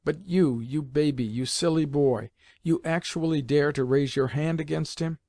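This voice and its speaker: A man's voice: a little high, normal speed, creaky, mellow, no echo, clean studio sound. A man reading an audiobook, voicing a stern, reproachful elderly grandmother who stresses each word. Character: stern, tearful aristocratic grandmother, elderly woman. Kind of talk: audiobook character voice.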